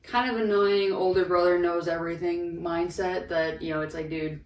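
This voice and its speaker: A woman's voice: fairly low pitch, fairly even intonation, moderate pace. A woman chatting casually as co-host while ranking characters, with lots of "like" fillers. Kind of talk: casual chat. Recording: echoey room, distant mic, faint noise.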